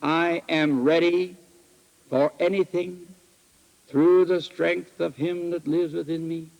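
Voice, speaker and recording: A man preaching at a retreat, telling folksy stories with animated swings between loud exclamations and quiet asides. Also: a little high, slow, creaky. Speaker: retreat speaker. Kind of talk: folksy sermon with storytelling. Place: retreat hall. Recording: archival 1968 recording in a hall with long reverb.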